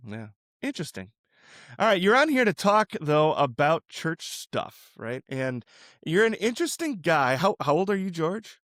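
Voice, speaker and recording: A man hosting a Christian podcast, talking in a relaxed, chatty way and musing aloud with restarts. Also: fairly high pitch, normal speed, dry recording, studio quality. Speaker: podcast host. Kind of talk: casual Christian podcast interview.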